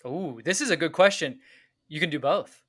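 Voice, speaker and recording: A man co-hosting a soccer podcast, calmly breaking down tactics step by step in casual chat. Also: on the high side, normal speed, no echo, clean studio sound.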